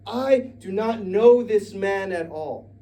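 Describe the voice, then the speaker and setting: A man voicing a brash, impulsive male disciple who protests loudly in a raised, higher voice. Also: takes it slowly, recorded from a distance, a little hiss or hum. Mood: panicked denial. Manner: loud, protesting, rising in pitch.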